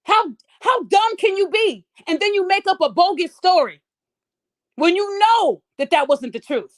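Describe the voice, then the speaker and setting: High-voiced woman ranting, dry sound. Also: lively intonation, measured pace, dry recording. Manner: mocking, profane, incredulous; acts out quoted people in raised, sing-song voices. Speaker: podcast host. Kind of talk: heated commentary.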